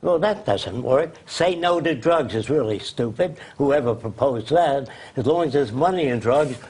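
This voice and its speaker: A man's voice: mid-range voice, animated, moderate pace, a little mellow, husky, rough recording. An older man as an interview guest, talking in an emphatic, lecturing way.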